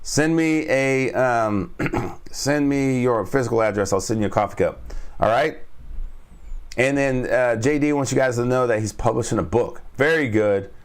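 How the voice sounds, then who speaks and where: Brief: male trading coach on a livestream, mid-pitched, answers chat, keeps asking the viewers "okay?". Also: normal speed, smooth. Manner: checks in with "all right?" and "okay?" after each point; repeats key points. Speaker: trading coach and stream host. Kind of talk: live-streamed trading lesson.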